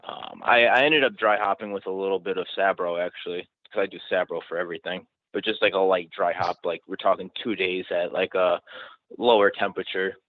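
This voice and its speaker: Low-voiced man on a thin phone-like line. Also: steady tone, a little fast, no room sound. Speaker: podcast host. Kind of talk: casual conversation. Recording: dry, phone-like audio.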